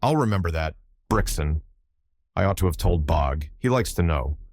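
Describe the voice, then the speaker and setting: A man voicing an older baronet who is overbearing and lecherous, with a husky, pushy way of talking. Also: sits low, lively intonation, moderate pace, a little mellow, no room sound, clean studio sound. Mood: domineering.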